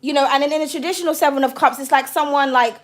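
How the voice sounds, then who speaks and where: A woman reading tarot cards on a livestream, bubbly and excitable, swearing casually and calling viewers darling. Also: high voice, rapid-fire.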